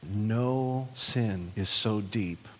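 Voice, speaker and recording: A man's voice: on the low side, extremely slow, fairly bright tone, big-room sound. A male pastor preaching a sermon, reading scripture aloud and then reflecting on it with rhetorical questions.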